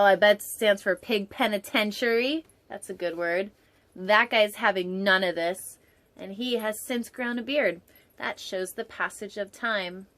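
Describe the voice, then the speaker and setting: On her storytime show, a woman whose voice is medium-pitched and a bit bright reads a picture book aloud. Playful, digressive jokes break up the reading, and she sometimes whispers an aside.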